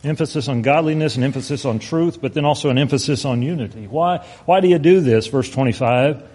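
Husky guy preaching, earnest, slows way down on the big points. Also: mid-range voice, darkish tone. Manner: earnest, slows to stress points, quotes scripture. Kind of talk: sermon.

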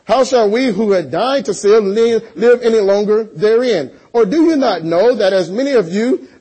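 A man's voice: sits high, expressive, moderate pace, slightly rough, rough recording. A man preaching a sermon in a church, reading scripture and addressing the congregation directly, with emphatic, swelling stresses. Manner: emphatic, rising to loud stressed passages.

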